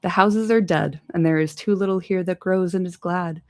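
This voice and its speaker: A woman's voice: lowish voice, moderate pace, a little mellow, dry recording, studio quality, close to an everyday voice. Woman reading as a graceful noble elf. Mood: earnest. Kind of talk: amateur audiobook reading.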